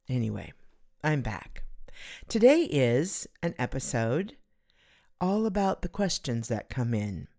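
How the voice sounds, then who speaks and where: Low-voiced rambling woman podcaster. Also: sing-song, slow, creaky, dark tone. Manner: giggly, rambling, self-deprecating. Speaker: podcast host. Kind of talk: casual solo podcast chat.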